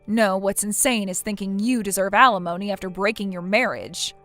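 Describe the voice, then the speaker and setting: A woman's voice: mid-range voice, a little fast, a bit bright, soft background music, lightly acted. A woman voicing a blunt young female friend in a text-message story, lecturing firmly. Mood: stern. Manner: firm, lecturing.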